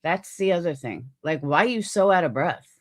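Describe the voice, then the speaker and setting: A woman's voice: low voice, expressive, fairly quick. A woman hosting reaction commentary, talking in a sarcastic, mocking way about a clip she plays. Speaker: commentary host.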